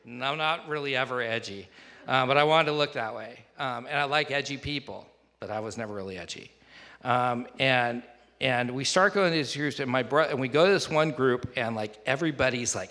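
Bright-voiced man telling a story. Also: mid-range voice, normal speed. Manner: rambling and self-deprecating, with frequent fillers and asides. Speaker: speaker sharing a recovery story. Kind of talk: personal storytelling. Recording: long hall reverb.

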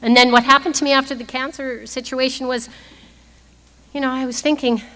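A woman's voice: high-pitched, little pitch movement, fairly quick, bright, forceful tone. A woman in her fifties sharing a humorous personal story as the speaker at a recovery meeting, laughing often as she talks. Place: meeting hall. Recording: long hall reverb.

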